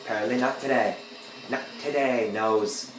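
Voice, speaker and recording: A man rambling and joking through casual gameplay commentary, breaking into loud outbursts now and then. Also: mid-range voice, fairly even intonation, moderate pace, noisy background. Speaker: gameplay video host. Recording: echoey room with game music behind.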